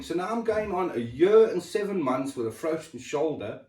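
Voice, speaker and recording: A man speaking in a raw, emotional way, swearing freely as he tells his story. His voice sits a touch high and swings widely in pitch. He sounds distant from the mic, in a room with plenty of echo. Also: very animated, moderate pace, noisy background. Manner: raw, emotional and swearing, with sudden drops in level. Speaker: person sharing his health story. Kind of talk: emotional personal chat. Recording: echoey room, voice set back from the mic.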